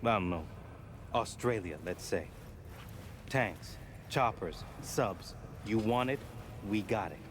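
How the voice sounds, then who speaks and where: Dry-witted arms dealer in a game, lowish voice. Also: male voice, lively intonation, slow pace, long pauses, noisy background. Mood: wry. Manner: dry, joking sales pitch. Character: wry middle-aged male arms dealer.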